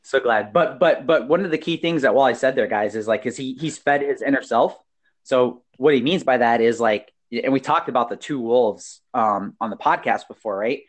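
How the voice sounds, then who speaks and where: A young man hosts a podcast, talking casually and swearing freely. He is animated and breaks into laughter often. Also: medium pitch, normal speed. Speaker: podcast host.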